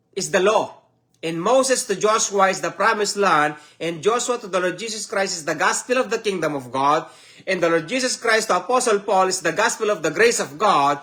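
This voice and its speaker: A male preacher with a Filipino accent and a fairly high voice. He teaches in a slow, emphatic way, repeating each point for his listeners. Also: bright, forceful tone. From Philippines. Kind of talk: sermon teaching.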